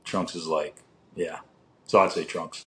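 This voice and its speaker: A man's voice: a bass voice, steady tone, measured pace, sharp tone, slight background noise. A young man co-hosting a podcast in casual chat, rambling with lots of filler words and casual swearing. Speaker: podcast co-host.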